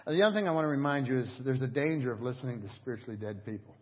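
A middle-aged man preaching a sermon as pastor, telling stories in an animated, conversational way. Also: medium pitch, very fast. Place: church service. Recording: dull echoing church hall audio.

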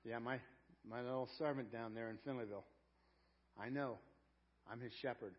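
A man voicing God as a calm, watchful male shepherd, speaking gently and reassuringly in a sermon. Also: medium pitch, normal speed, pitched below the performer's own voice, lightly acted. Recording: dull lo-fi church audio.

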